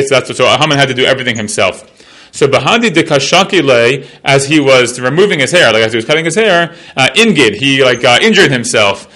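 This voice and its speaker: A man's voice: on the high side, sharp tone. A man teaching a Talmud page in a casual class, reading Aramaic and translating it line by line in a chatty way, full of fillers.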